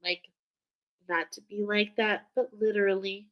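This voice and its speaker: A woman's voice: medium pitch, level tone, measured pace, dull audio. A woman giving an emotional, hesitant channeled spiritual reading, sighing and restarting as she speaks. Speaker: spiritual reader.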